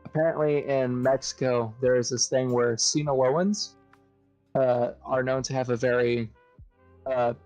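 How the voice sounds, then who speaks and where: A man's voice: medium pitch, fairly even intonation, a little slow, a little mellow, low-quality recording. Man on a podcast, mid-range voice, rambling, cursing, faint music behind. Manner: rambling, swears freely, lots of "uh". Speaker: podcast co-host. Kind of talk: casual chat.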